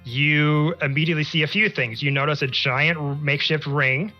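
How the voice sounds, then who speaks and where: A man's voice: a little high, fairly even intonation, normal speed. A man narrating as game master of a tabletop game, describing scenes loosely with many fillers. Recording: dull lo-fi stream audio with faint music.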